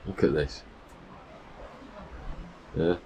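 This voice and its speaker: A middle-aged man casually recounting a long run in a rambling, chatty way, full of fillers and restarts, sitting out on a balcony. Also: drawn-out words. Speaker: runner vlogger. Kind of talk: casual storytelling. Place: outdoor balcony in the mountains. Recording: distant mic with noisy outdoor ambience.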